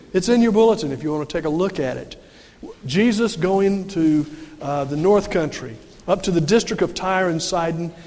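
Folksy preacher with a high voice. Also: male voice, darkish tone, big-room sound. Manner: folksy, fires rhetorical questions and answers them. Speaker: pastor. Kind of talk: sermon.

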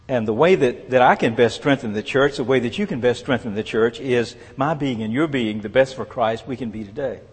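A man preaching a sermon, earnest and measured, letting his phrases fall away softly at the end. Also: medium pitch, breathy edge. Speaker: pastor. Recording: long reverb of a large hall.

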